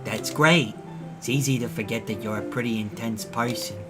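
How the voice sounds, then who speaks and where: An easygoing, friendly teenage boy, the hero of a visual novel, read out by a man in his everyday voice. The voice sits at a middle pitch, and game music is clearly heard behind it. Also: normal speed, lightly acted. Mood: casual. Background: background game music.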